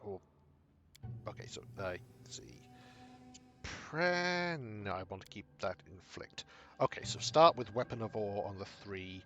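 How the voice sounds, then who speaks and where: A man's voice: on the low side, lively intonation, a little slow, bright, forceful tone. A man thinking aloud as he plays a video game, hesitant with many fillers. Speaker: streamer playing a video game. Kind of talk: casual gameplay commentary.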